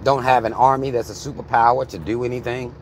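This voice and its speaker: Talking fast with a medium-pitched, fairly flat voice, this thirty-something American man vents profanely on a vlog from his car. He's heated and blunt, cursing freely, and there's slight background noise.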